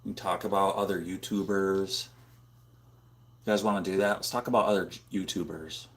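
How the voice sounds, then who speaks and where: A man hosting a casual livestream from a home room, rambling and filling his talk with "dude" and "like," close on a boom-mounted microphone. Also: steady tone, normal speed, fairly bright tone. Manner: rambling, filler-heavy, says "dude" and "like" a lot. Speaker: livestream host. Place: home room full of computer monitors.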